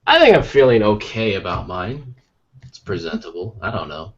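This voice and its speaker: Joking low-voiced man podcast co-host. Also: sing-song, moderate pace, muffled recording. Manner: joking, teasing, playful voices in quoted bits. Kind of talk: casual chat while drawing.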